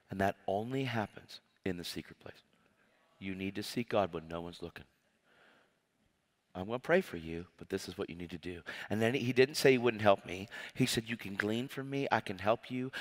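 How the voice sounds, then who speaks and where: A man preaching a storytelling sermon, animated and often laughing as he acts out conversations. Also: on the low side. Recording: long reverb of a hall.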